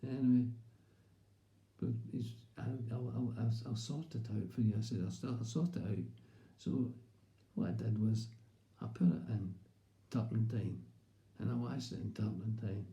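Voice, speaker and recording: A man's voice: fairly low pitch, fairly even intonation, moderate pace, long pauses, mellow. A man with a Scottish accent, telling a comic story in a rambling, chatty way. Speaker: comedian. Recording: roomy echo.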